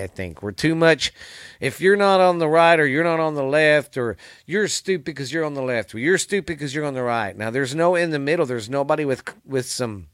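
A man's voice: mid-range voice, a bit bright, dry recording. A man with a Texan accent hosting his own podcast from a home studio, talking in a rambling, folksy, profane way. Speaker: podcast host. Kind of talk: casual solo podcast chat. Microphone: studio mic, seen on camera.

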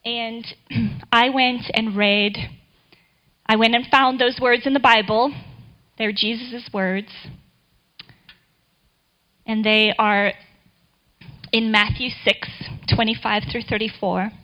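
A woman's voice: on the high side, steady tone, takes it slowly, long pauses, highs cut off. A middle-aged woman giving a church talk, telling a personal story in a chatty way before reading scripture.

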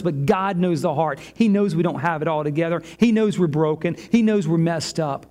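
A middle-aged man preaching in a slightly high voice. He speaks earnestly, sinking low and soft on weighty lines and lifting his pitch when he voices prayers. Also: normal speed, hardly any pauses. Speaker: pastor. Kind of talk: sermon.

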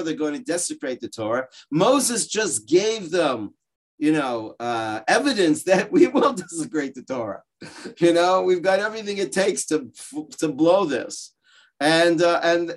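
A man teaching a religious class over a video call. He tells stories with lively asides and voices the people in them. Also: fairly high pitch, moderate pace. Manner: lively storytelling, explaining with asides and quoted voices. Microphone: video call microphone.

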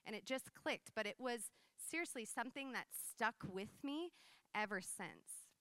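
Woman, 30s, sermon with personal story, conversational and lively; crisp, bright tone. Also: a little high, unhurried, no room sound. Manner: conversational, animated storytelling with frequent "like" and laughs. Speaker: preacher.

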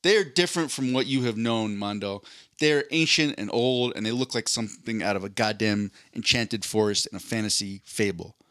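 A man's voice: fairly low pitch, normal speed, a bit bright, dry recording, studio quality. A man co-hosting a podcast who tells a long story in casual, profane chat and acts out voices as he goes. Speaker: podcast co-host.

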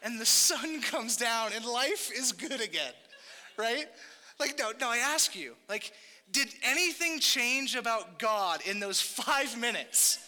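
A young man delivers a sermon in a relaxed, conversational style, throwing in asides to his listeners. His voice sits high and sounds very bright. A long hall reverb trails behind him. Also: takes it slowly. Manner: casual, conversational preaching with frequent asides. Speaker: pastor.

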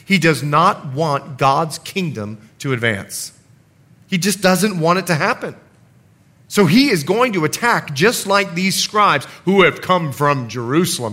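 A male pastor preaching with a high, bright voice that leaps up and down in pitch. He talks with an animated flair and acts out the scenes and quotes he describes, as a sermon does.

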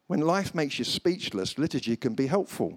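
A man delivers a guest sermon to a church congregation, his fairly high voice swinging up and down as he tells stories. He leans into comic asides and briefly puts on funny voices before returning to his point. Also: normal speed. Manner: animated storytelling, slips into comic voices. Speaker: guest preacher. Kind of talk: humorous sermon.

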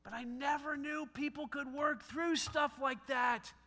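A man's voice: very high-pitched, measured pace. A middle-aged male pastor preaching a sermon, telling stories and acting out quoted voices. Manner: animated storytelling with quoted voices.

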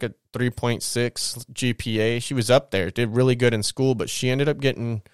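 A young adult man telling a personal life story in a casual, candid way, swearing often and getting animated when he quotes people. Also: mid-range voice, smooth, no echo, clean studio sound. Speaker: vlogger.

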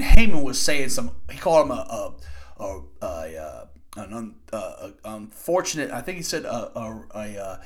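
A man in his twenties hosting a podcast, casually recapping wrestling in a rambling, excitable way with some swearing. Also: mid-range voice. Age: 20s. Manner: rambling, excitable, profane storytelling. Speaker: podcast host.

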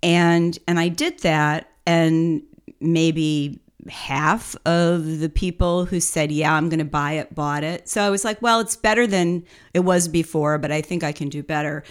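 In a casual business podcast she co-hosts, a woman shares her story easily and chattily, with fillers and the odd light laugh. She speaks a little slowly in a low, steady, clean-toned voice.

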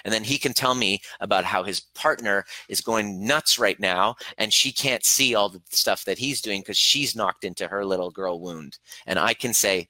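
A man's voice: sits low, moderate pace, few pauses, sharp tone, no echo. A man coaching his audience in a live-stream talk, intense and preachy, swearing casually as he urges them on. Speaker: relationship coach.

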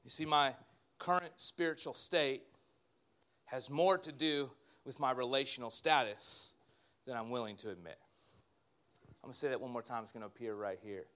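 A man, a pastor, preaching a sermon in an animated way with joking asides to his congregation. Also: medium pitch, moderate pace, pauses often, clear, resonant tone.

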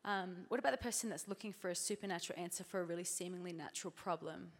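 A woman's voice: fairly low pitch, quick pace, long reverb tail. An Australian woman in her thirties giving a chatty, self-deprecating church talk at a conference, full of filler words. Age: 30s. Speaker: conference speaker.

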